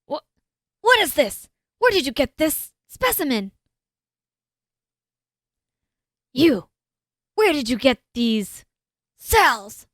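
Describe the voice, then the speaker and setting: A woman's voice: sits high, sing-song, takes it slowly, fairly bright tone, dry recording, studio quality, exaggerated voice. A woman reading a game aloud, voicing an arrogant male scientist who questions people curtly and condescendingly. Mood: sharp.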